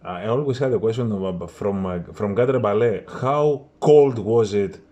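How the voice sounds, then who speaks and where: A man's voice: lowish voice, dark tone, dull audio. A man interviewing a musician, asking questions hesitantly with many fillers. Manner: halting questions with fillers, laughs along. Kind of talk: casual interview.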